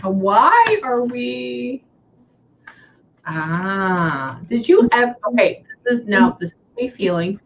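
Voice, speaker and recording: A young American woman gives a casual reading over a video call, her voice a little muffled and lo-fi. She talks in a chatty, looping way, stopping often to say "hang on" as she passes messages along. Her pitch sits in a middle range. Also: a little slow, hardly any pauses, slight background noise. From United States. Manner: chatty, keeps saying "hang on" and relaying what she hears. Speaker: psychic medium.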